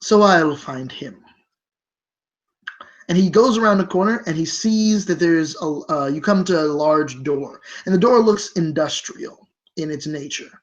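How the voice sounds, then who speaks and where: A game master narrates a tabletop adventure in a mid-pitched voice, often pausing and correcting mid-sentence. The recording is dull and lo-fi. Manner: rambling, self-correcting narration with many fillers.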